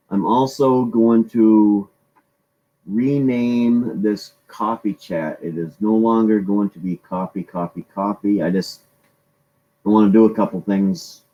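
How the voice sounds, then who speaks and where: A man's voice: on the low side, lo-fi sound. A man hosting a casual live-stream chat, rambling along and greeting his viewers by name.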